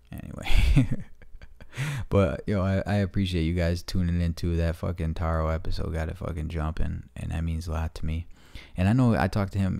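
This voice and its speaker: A man's voice: sits low, creaky, mellow, no echo. A man hosting a podcast from home, chatting loosely and swearing freely in a heartfelt, rambling way. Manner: loose, profane, heartfelt talk. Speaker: podcast host. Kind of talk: casual rambling chat.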